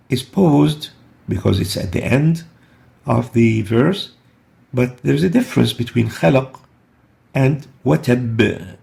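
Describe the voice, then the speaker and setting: A man with a gravelly edge to his voice, teaching a recitation lesson. He explains each rule step by step and patiently repeats example words slowly so they can be heard clearly. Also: medium pitch, darkish tone. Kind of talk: explaining tajweed rules step by step.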